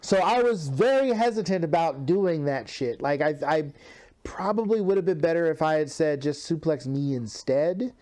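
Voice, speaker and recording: A man's voice: fairly high pitch, animated, normal speed, a little mellow. Rambling man reminiscing with a laugh. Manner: rambling, restarts often, laughs easily. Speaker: wrestling partner. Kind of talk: casual match commentary.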